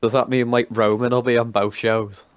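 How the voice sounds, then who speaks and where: A man's voice: mid-range voice, flat delivery, normal speed, smooth, dry recording. A man calling in to a show, chatting with small hesitations. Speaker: caller.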